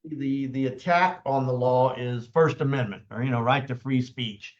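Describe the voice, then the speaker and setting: A man's voice: medium pitch, normal speed. An older man with a drawl explains the law in a folksy, rambling way, often stopping to restart with an "uh." His voice sounds roomy and a little dull, as if recorded in a bare studio. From Florida. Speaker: attorney and show host. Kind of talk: casual legal talk show chat.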